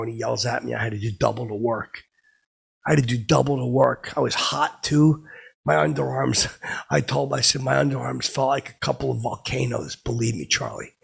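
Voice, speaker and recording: Man playing a gravelly, clueless braggart. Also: medium pitch, a bit bright, exaggerated voice. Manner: rambling, halting, full of fillers and "blah, blah"; refers to himself in the third person. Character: boastful clueless middle-aged man, oblivious and touchy. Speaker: podcast host. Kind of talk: improvised comedic character monologue.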